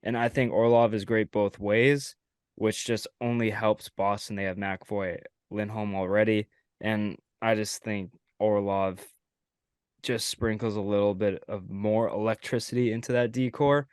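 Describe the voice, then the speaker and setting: A man hosting a casual sports podcast, relaxed and talking with fillers. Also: fairly low pitch, unhurried, clear, resonant tone, no room sound, clean studio sound. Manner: relaxed, fillers, laughs along. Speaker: host.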